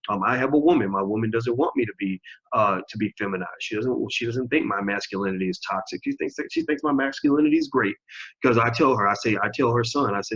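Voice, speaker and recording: A man's voice: mid-range voice, big pitch swings, fast, gravelly, fairly bright tone, husky. A man in his forties hosting his own channel, delivering an emphatic, preachy opinion monologue and repeating phrases for stress. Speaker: channel host. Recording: dull lo-fi recording.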